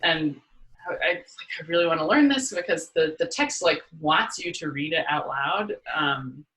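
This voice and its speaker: A woman's voice: low-pitched, expressive, moderate pace, a bit bright, rough recording. A young woman, a poet and musician, chatting thoughtfully as an interview guest, rambling a little and laughing between restarts. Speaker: poet and horn player, guest. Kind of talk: casual interview conversation.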